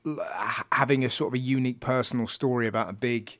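Animated comedian telling stories. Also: male voice, mid-range voice, fast talker. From England. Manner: animated storytelling, laughs often, many restarts. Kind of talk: casual chat.

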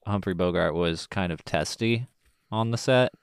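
A man co-hosting a podcast, chatting about a film in a relaxed way with many ums. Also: sits low, clean tone, dry recording, studio quality. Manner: relaxed, drawn-out delivery with frequent ums. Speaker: podcast co-host. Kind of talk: casual film-review chat.

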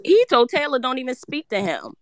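Indignant, lively woman guest. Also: high-pitched, no room sound. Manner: indignant, fast, expressive. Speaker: guest commentator. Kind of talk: live-stream reality show chat.

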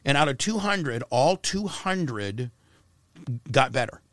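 A man guesting on a podcast, talking in a blunt, profane, rambling way and clearing his throat often. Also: medium pitch, sing-song, takes it slowly, dry recording. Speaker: radio personality guest. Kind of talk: casual podcast chat.

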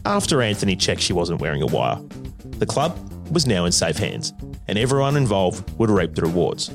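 A man narrating a documentary in a measured, dramatic, scripted style. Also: low voice, big pitch swings, creaky, music in the background.

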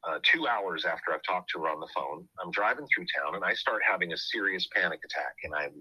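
A man with a low, husky voice and a sharp, bright edge tells an earnest personal story as a podcast host. The recording is dry and close. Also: brisk, no echo, poor audio. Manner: earnest, reflective.

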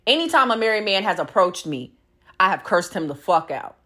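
A woman's voice: medium pitch, big pitch swings, brisk, bright, forceful tone, breathy edge. A young woman hosting a podcast, telling a story about cheating in a blunt, heated and profane rant. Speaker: podcast host.

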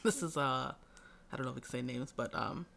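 A woman as a guest in a casual chat, telling stories in a relaxed way and laughing often. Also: rumbling low, brisk, creaky, slight background noise.

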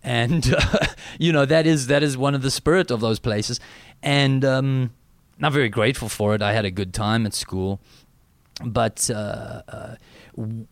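A middle-aged South African man, a guest in an interview, speaking reflectively and haltingly with many fillers and restarts. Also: medium pitch, fairly even intonation, vocal fry, no echo. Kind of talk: interview conversation.

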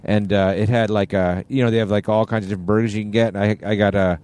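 A man's voice: fairly low pitch, steady tone, quick pace, a little mellow, clear, resonant tone. A middle-aged man co-hosting a podcast, chatting casually and rambling with restarts while riding in a car on a road trip. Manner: rambling, self-interrupting. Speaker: podcast co-host. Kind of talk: casual chat.

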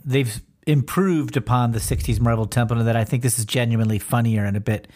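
A man's voice: mid-range voice, steady tone, a little mellow. Man retelling a comic page by page. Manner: retells panels, reading out lines in quick voices. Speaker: podcast co-host. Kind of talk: casual chat about a comic.

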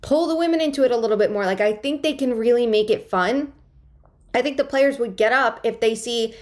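Animated, blunt woman co-hosting. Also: fairly high pitch, fairly quick. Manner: animated, blunt, swears freely, rambling opinions. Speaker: podcast co-host. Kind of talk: casual podcast chat.

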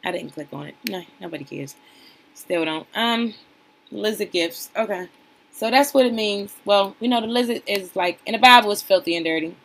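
A woman's voice: medium pitch, moderate pace, gravelly, a bit bright, poor audio. Sassy woman recapping reality TV. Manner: sassy, chatty, addresses viewers as y'all. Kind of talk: casual reaction commentary.

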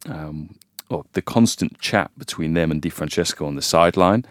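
A man's voice: low-pitched, moderate pace, no echo, studio quality. A man discussing a football match in a casual podcast chat, thoughtful and hesitant, with frequent fillers. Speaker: football pundit.

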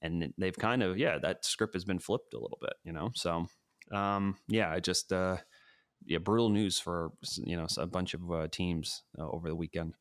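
A man's voice: low-pitched, normal speed, no echo, clean studio sound. A man co-hosting a casual sports podcast from his living room, rambling and hedging with lots of fillers. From New York City. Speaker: podcast co-host.

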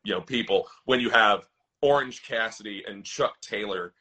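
A man's voice: fairly low pitch, normal speed, pushed and bright. A man co-hosting a podcast in casual chat, enthusiastic, stammering and restarting his sentences often. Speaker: podcast co-host.

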